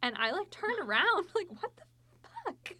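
A woman chatting casually about a book and telling a story, full of fillers and lively asides. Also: very high-pitched, moderate pace.

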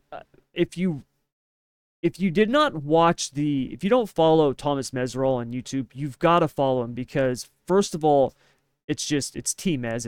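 A man's voice: a little high, clean tone, dry recording, clean studio sound. A man co-hosting a podcast in casual opinion chat, emphatic and ranting, often tagging his points with "right?". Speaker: podcast co-host.

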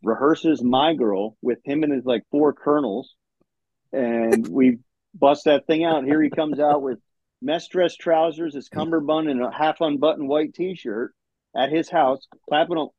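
A man, a military veteran, telling profane, animated stories about his old unit in casual chat over a dull, lo-fi call. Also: fairly high pitch, measured pace, no room sound. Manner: animated, profane, laughing storyteller. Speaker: veteran guest. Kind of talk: casual storytelling.

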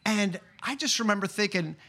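A man telling a personal story at a live open-mic event, chatty and excitable, full of fillers and restarts. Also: high-pitched, moderate pace.

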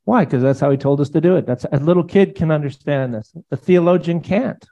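A man pastor teaching in a casual, conversational way, animated and rambling, often speaking prayers aloud. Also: on the high side, quick pace, highs cut off.

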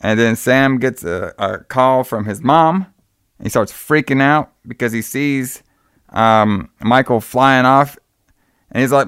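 A man's voice: mid-range voice, moderate pace, a bit bright, clear, resonant tone, no echo, clean studio sound. A man in casual chat, rambling through a film plot scene by scene. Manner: rambling retelling with acted-out quotes. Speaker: podcast co-host recapping a film.

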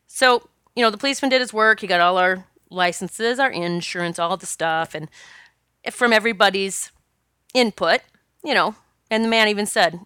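A woman podcast host with a bright, sharp voice tells a personal story. Her delivery is animated and chatty, and she speaks straight to her listeners. The sound is crisp and clean, with a dry, close recording. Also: medium pitch, normal speed, no room sound.

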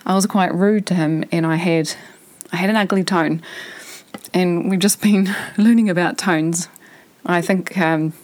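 Woman, 30s, low voice, candid podcast host, self-reflective, thinking out loud. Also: fairly even intonation, unhurried. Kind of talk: candid personal monologue.

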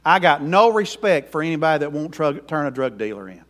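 A man's voice: fairly high pitch, very animated, fairly quick. A middle-aged man preaching a sermon in a folksy, emphatic way as pastor.

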